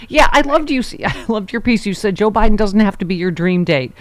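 A woman's voice: medium pitch, animated. Joking woman hosting a political talk show. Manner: joking, quick banter, frequent laughs. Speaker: radio talk show host.

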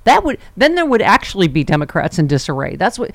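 A woman's voice: fairly low pitch, sing-song, fast talker, gravelly, no echo. A woman hosting a political talk show, bantering casually and joking, often with a laugh. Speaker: radio talk show host.

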